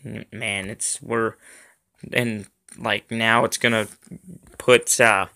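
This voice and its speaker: A man talking through a mobile card battle game, his voice bright and a little tense. He rambles with lots of ums and uhs, grumbles about lag, and explains each move as he plays. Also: fairly low pitch, little pitch movement, extremely slow, gravelly, long pauses. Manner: irritated at lag, complaining. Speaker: gaming YouTuber. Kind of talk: gameplay commentary.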